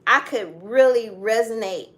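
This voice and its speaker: A woman's voice: fairly high pitch, measured pace. Emphatic middle-aged woman telling a story. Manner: emphatic storytelling with direct asides. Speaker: co-host. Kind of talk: casual chat.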